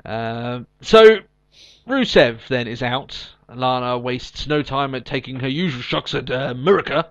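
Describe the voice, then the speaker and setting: A man's voice: mid-range voice, unhurried, highs cut off. A man co-hosting a podcast in casual chat, recapping with lots of ums and restarts. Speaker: podcast co-host.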